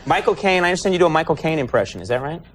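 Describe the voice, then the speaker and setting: A man's voice: on the high side, big pitch swings, rapid-fire. A man hosting a talk show interview, wry and dry-humored. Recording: TV studio with audience noise.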